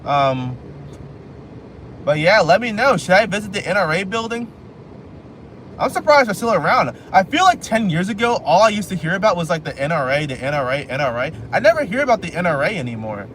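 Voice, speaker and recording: A fairly quick, very animated male voice that sits high and a bit bright comes from a man live streaming as he drives on a highway. He wanders casually from topic to topic, jokes about himself and repeats phrases, with faint car and road noise behind him.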